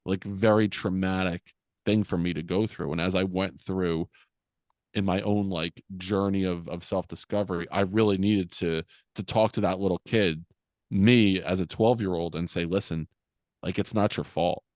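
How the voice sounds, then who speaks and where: Low-voiced man telling a raw story. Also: fairly even intonation, normal speed, a little mellow, no echo, studio quality. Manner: earnest, frank, casual with fillers and mild swearing. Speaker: podcast guest. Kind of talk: candid personal storytelling.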